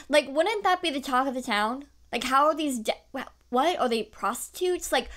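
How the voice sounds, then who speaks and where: A young woman book vlogger telling and reacting to a fairy tale in an animated, chatty, casual way. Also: a little high. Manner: animated, chatty, lots of fillers and laughs. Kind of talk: casual book review chat.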